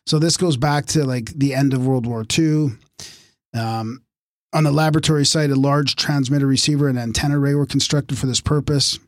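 A man's voice: mid-range voice, fairly even intonation, a little fast, no echo, studio quality. A man co-hosting a podcast, reading from his notes with asides and losing his voice. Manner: reads notes aloud with asides. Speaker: podcast co-host. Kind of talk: casual chat, reading aloud.

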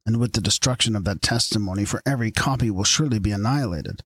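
A man's voice: fairly low pitch, quick pace, a bit bright, dry recording. A man reading as a grave, solemn secret-order spokesman. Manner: grave, formal pronouncements. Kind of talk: audiobook reading.

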